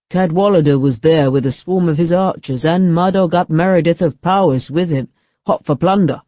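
A woman reading the voice of a weary, wry male knight home from battle, gruff and grim in manner. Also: on the low side, no echo, lightly acted. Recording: dull dry studio recording.

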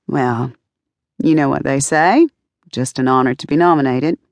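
A woman's voice: a bass voice, normal speed, dry recording, studio quality. A woman voicing a young female filmmaker who answers in a wry, dryly self-deprecating way.

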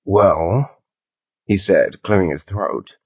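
A man narrating his own science-fiction audiobook in a measured, wry storytelling manner. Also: deep voice, dry recording. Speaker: author and narrator.

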